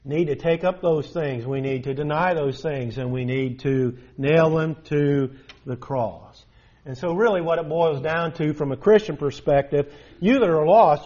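A man's voice: a little high, darkish tone. A man preaching a sermon, earnest and emphatic, repeating points for stress. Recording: dull lo-fi recording.

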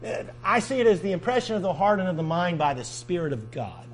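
High-voiced man preaching a sermon. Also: sing-song, fast, faint music behind, low-quality recording. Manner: earnest teaching preacher, quotes scripture, restarts phrases.

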